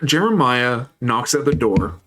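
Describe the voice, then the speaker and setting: A man's voice: mid-range voice, expressive, a little slow, fairly bright tone. A man casually commenting on a game he is playing, rambling through a story and laughing often. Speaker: streamer playing a shooter game.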